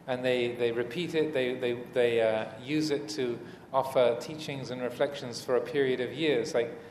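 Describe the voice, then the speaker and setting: Teaching a dharma talk, this monk speaks at a moderate pace with a steady, medium-pitched tone. He hesitates, fills gaps, starts sentences over and adds soft humor, while the hall echoes and faint room noise lingers.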